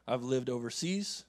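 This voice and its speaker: A male pastor delivering a sermon, emphatic, repeating phrases and swinging between loud passages and quiet asides. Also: medium pitch. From United States.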